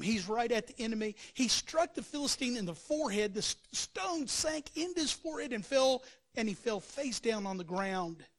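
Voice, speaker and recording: Animated man preaching a sermon. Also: very high voice. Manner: animated storytelling, acting out scripture quotes and sound effects. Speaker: pastor.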